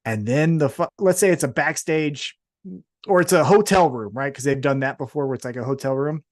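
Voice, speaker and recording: A young man co-hosting a wrestling podcast, chatting casually with quick asides and swearing. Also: mid-range voice. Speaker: podcast co-host.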